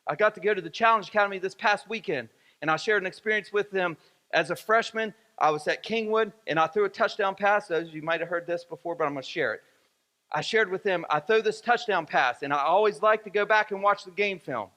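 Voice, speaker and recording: A man preaching in a church sanctuary, his voice high and bright, carrying a long echo off the hall. He leans on repetition, circling the same phrases again and again for emphasis. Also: brisk. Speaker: pastor. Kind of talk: sermon.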